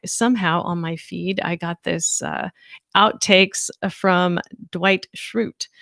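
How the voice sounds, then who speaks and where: A woman's voice: medium pitch, dry recording, studio quality. A woman hosting a casual livestream from home, chatting loosely and reading viewers' comments aloud. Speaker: livestream host. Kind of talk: casual live-stream chat.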